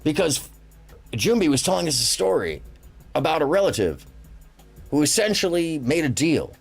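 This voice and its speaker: Gravelly, animated livestream host. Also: male voice, mid-range voice. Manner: rambling, apologetic, quick to laugh. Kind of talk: casual call-in livestream chat.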